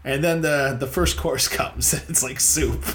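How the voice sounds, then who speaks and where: A middle-aged man from the Toronto area with a mostly neutral Canadian accent, a radio host in an animated, laughing casual chat. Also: medium pitch, faint music behind. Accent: Canadian, neutral-leaning. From Canada, around Toronto. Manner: animated, laughing, quick teasing banter.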